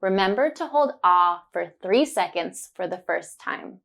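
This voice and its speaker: A woman teaching a pronunciation lesson, repeating words slowly and clearly and praising the listener with upbeat cheer. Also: mid-range voice, lively intonation, highs cut off. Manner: drawn-out, deliberate word drills with upbeat praise.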